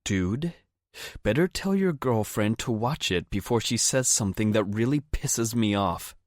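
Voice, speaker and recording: A protective teenage boy who drags his words out in a firm, slow warning, as a low-voiced man reads him. The audiobook recording is dry and close. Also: lively intonation, no echo. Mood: threatening. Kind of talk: audiobook character voice.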